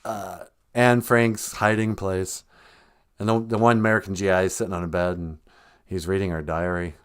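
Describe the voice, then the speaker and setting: A man's voice: low-pitched, level tone, normal speed, smooth. A man hosting a live stream podcast, rambling and joking in a laid-back way. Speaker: podcast host. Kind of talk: casual live stream chat.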